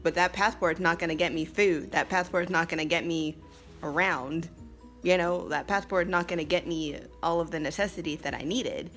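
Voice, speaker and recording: A woman's voice: on the low side, steady tone, moderate pace, fairly bright tone, faint music behind. A young American woman telling a story in a casual vlog, chatty and emphatic, laughing often. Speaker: vlogger and English teacher abroad.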